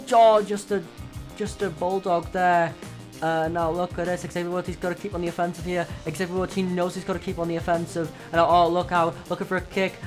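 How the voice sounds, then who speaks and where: Hoarse man shouting excited wrestling commentary. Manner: exclamatory, frequent oaths and gasps, swings loud and high. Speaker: play-by-play commentator for his own wrestling game.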